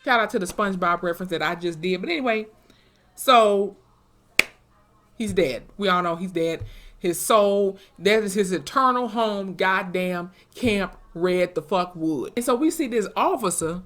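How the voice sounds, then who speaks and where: Animated, cussing woman recapping a show. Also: medium pitch, normal speed, noisy background. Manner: animated, profane storytelling with acted-out quotes. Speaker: TV episode reviewer. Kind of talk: casual recap vlog.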